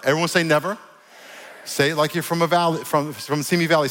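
A man's voice: on the high side, fast, fairly bright tone. A man preaching a sermon as pastor, emphatic and joking with the congregation in a church hall. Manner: emphatic, preachy, jokey with crowd.

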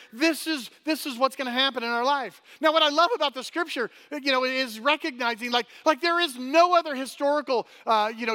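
High bright-voiced pastor guy preaching, chatty, lots of "right?", long echo in the hall. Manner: energetic, chatty, repeats "right?" often, stumbles and restarts. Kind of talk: sermon. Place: church hall.

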